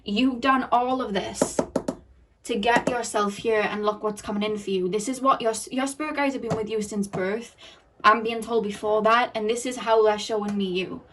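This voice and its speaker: A woman's voice: on the high side, fairly even intonation, moderate pace, recorded from a distance, background noise. A woman giving an emotional, earnest tarot reading to her viewers, repeating phrases and getting teary. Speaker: tarot card reader.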